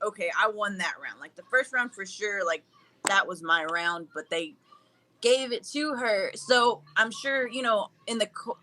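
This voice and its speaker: A young woman with a bright, forward voice talks casually as an interview guest. She sounds upbeat and goofy, laughing easily as she goes. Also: medium pitch. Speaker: guest fighter.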